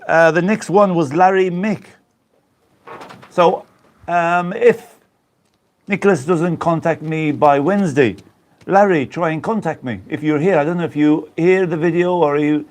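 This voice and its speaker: A man from the Black Country of England, hosting a casual live stream and chatting in a rambling way with viewers he greets by name. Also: fairly high pitch.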